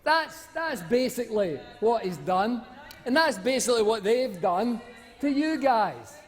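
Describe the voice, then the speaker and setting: Guy giving a rambly mocking speech in parliament, kinda high voice, lots of uh and the the. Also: animated, unhurried. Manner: rambling and mocking, full of fillers and restarts. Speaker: senator. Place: large debating chamber. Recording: echoey chamber reverb.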